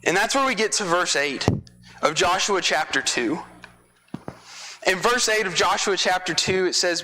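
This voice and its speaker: A man's voice: sits high, moderate pace, pauses often, bright, forceful tone, a little hiss or hum. A man from Texas preaching a sermon in a church, telling the story in a conversational way with folksy asides. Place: church sanctuary. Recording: long reverb of a church hall.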